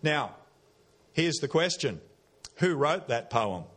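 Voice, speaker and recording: A man's voice: fairly high pitch, sing-song, takes it slowly, a bit bright. An Australian man preaching a sermon in a church, folksy and conversational, with repeated phrases and questions to the congregation.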